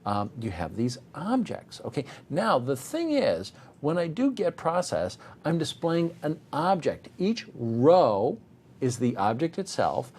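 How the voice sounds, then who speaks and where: A middle-aged man teaching a technical course live, animated and joking, sometimes acting out little voices. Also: fairly high pitch, a little slow, slightly rough. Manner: animated, jokey, acts out voices. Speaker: instructor. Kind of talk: live technical demo with banter.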